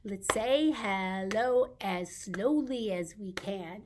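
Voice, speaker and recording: A woman leading a recorded baby storytime at a library, talking in an animated sing-song way for babies and caregivers. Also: a little high, slow, a little hiss or hum. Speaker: children's librarian. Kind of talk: baby storytime with songs and reading.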